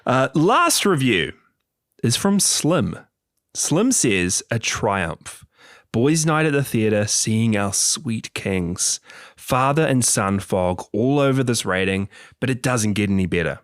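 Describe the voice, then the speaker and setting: A podcast co-host with a mid-range, sing-song voice takes his time, reading listener messages aloud and bantering with jokes and teasing during a casual chat. The recording is studio quality with no echo.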